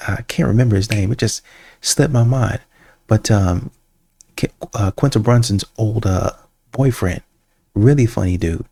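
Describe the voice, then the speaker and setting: Brief: dark, raspy male reaction commentator, animated and mocking. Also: medium pitch. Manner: animated, acts out quoted voices.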